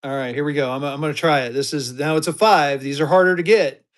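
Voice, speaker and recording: A man's voice: on the high side, quick pace, hardly any pauses. Upbeat man hosting a live-stream auction. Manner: upbeat, chatty, hyping bidders.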